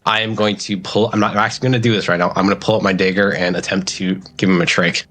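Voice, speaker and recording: Deep-voiced man playing a tabletop game. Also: little pitch movement, fast, a bit bright. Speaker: player.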